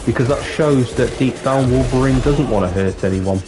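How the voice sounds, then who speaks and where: A man's voice: mid-range voice, normal speed, few pauses, noisy background. A man chatting candidly on a livestream, rambling and swearing now and then. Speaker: live streamer. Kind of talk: casual livestream chat. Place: dark room with the light off. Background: music.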